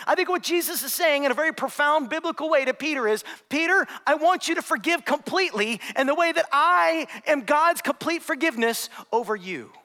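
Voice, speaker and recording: A man preaching a sermon as a pastor, retelling a parable and acting out its voices, sometimes dropping to a hushed, low tone for emphasis. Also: big-room sound.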